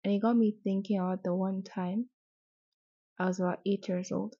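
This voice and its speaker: A young woman from Nigeria speaking softly and hesitantly in a personal reflective monologue, recorded at home with the mic sometimes out of reach. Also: mid-range voice, flat delivery, moderate pace, breathy edge, no room sound. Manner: soft-spoken, hesitant, with restarts. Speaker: podcast host. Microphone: distance varies, mic briefly out of reach. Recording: dull, muffled home recording.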